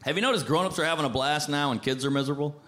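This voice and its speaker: A man in his thirties performing a stand-up comedy set, punchy and animated, acting out other people. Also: a little high, racing. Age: 30s. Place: comedy stage before an audience. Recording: noisy live stage recording.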